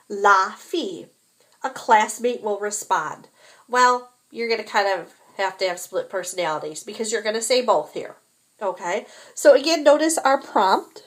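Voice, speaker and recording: A woman teaching a beginner French lesson, slowly modeling each phrase for students to repeat. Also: a little high, fairly bright tone. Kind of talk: classroom language lesson.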